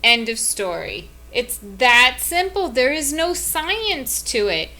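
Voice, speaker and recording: A woman's voice: sits high, big pitch swings, takes it slowly, sharp tone. A woman co-hosting a gaming podcast in casual chat, talking earnestly and giving advice to listeners. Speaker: podcast co-host.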